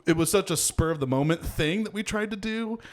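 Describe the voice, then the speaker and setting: A man's voice: high-pitched, brisk. Podcast host guy, rambly and laughy, lots of likes and you knows. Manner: rambling, laughing storyteller with many fillers. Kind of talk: casual chat.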